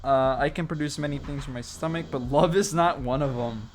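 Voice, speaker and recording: A man's voice: on the high side, a little fast, soft background music, lightly acted. A man reading as a hefty, easygoing slug cat creature.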